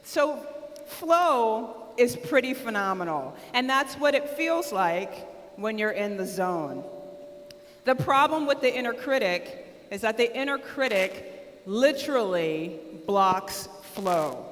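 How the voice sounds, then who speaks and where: Lively American woman keynote speaker. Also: fairly high pitch, slow. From United States. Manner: energetic, talks with the audience, asks them to shout out; loud and excitable, close to shouting. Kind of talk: conference keynote talk. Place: large conference hall with a live audience. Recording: live hall with long reverb.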